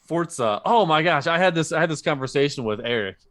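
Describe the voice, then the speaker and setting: A man's voice: fairly high pitch, fast talker. Man reading out picks on a podcast. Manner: reads out listeners' picks, animated storyteller. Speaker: podcast co-host. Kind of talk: casual chat.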